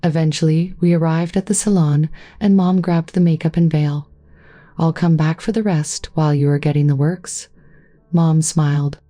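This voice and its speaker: A woman narrating a first-person story in a steady, even reading voice. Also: deep voice, normal speed, no echo.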